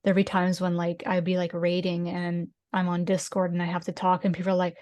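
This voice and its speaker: A woman with a Canadian accent, a guest on a casual podcast, easygoing and quick to laugh. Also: lowish voice, monotone, a little mellow. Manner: easygoing, hedging, laughs often.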